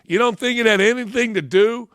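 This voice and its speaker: A man's voice: extremely high pitch, brisk, fairly bright tone, clean tone, dry recording, studio quality. A middle-aged man hosting a sports talk show, ranting bluntly and mocking his targets. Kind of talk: opinion rant.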